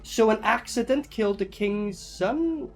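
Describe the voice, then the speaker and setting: An excitable man chats through a film as he reviews it. His pitch jumps around a lot and his swearing comes easily. He sounds loose and casual. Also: a little slow, vocal fry. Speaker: movie reviewer. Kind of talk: casual movie reaction commentary.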